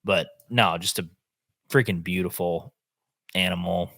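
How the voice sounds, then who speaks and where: A man, a podcast host telling an animated hunting story in casual chat. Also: deep voice, measured pace, vocal fry, dry recording, clean studio sound. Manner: animated, acts out quotes in voices.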